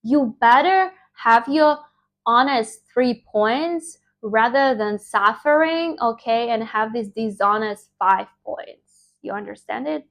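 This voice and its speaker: Animated woman teacher, native Russian speaker. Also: fairly high pitch, takes it slowly. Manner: emphatic, animated, with filler words and restarts. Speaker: English teacher. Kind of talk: informal motivational lecture.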